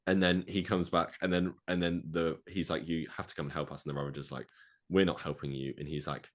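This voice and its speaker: Man, very low voice, casual podcast co-host, rambling, filler-heavy. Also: little pitch movement, brisk. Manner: rambling, filler-heavy, acts out quoted lines. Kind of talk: casual podcast chat pitching a movie plot.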